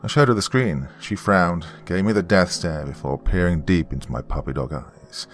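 A man narrating a horror story in an expressive, scripted storytelling way. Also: sits low, moderate pace. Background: faint background music.

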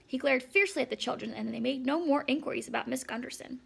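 A woman narrating a children's story aloud in a measured, lightly expressive reading. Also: sits high, vocal fry, breathy edge. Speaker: audiobook narrator.

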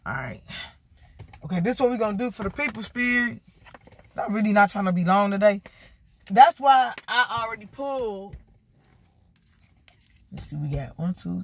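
A woman giving a casual tarot card reading, sassy and animated, talking straight to her viewers. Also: medium pitch, gravelly, husky. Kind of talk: casual spiritual reading vlog.

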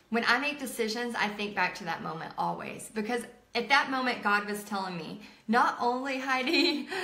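Thirties woman hosting a live art stream, tells stories in a bright, chatty way, recorded in an echoey room. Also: on the high side. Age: 30s. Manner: chatty, filler-heavy, emotional retelling. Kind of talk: casual live-stream storytelling.

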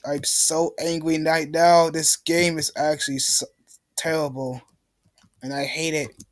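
A man's voice: fairly high pitch, little pitch movement, a little slow. A young man giving let's play commentary, ranting in frustration and pleading with the game. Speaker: gamer.

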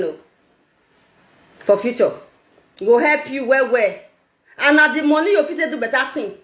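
A Nigerian woman talking on a casual live video, animated and laughing, mixing in pidgin. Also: high voice, roomy sound. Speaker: social media vlogger.

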